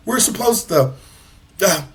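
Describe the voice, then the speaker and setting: A man's voice: high voice, expressive, unhurried, a bit bright. A man co-hosting a talk show, speaking from the heart and ending most phrases with "man". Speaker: co-host. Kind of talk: casual talk show chat.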